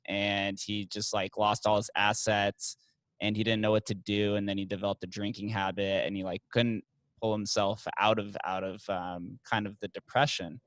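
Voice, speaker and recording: Young male podcast host, low voice, relaxed, filler-heavy, dry recording. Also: dry recording. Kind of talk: casual interview chat.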